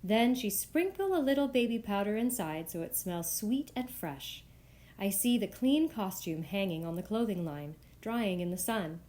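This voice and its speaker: A woman reading a picture book aloud for young children at storytime, voicing the young narrator with bright, lifted lines. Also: normal speed. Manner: expressive, lifting high for the child's voice. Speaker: storytime reader.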